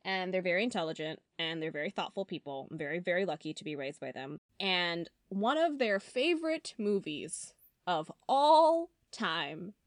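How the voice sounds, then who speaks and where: A woman chatting on a podcast with a dry, close-miked sound and no room echo. Her humor is playful and deadpan, and her talk is sprinkled with fillers. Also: fairly low pitch, normal speed. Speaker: podcast co-host. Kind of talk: casual chat.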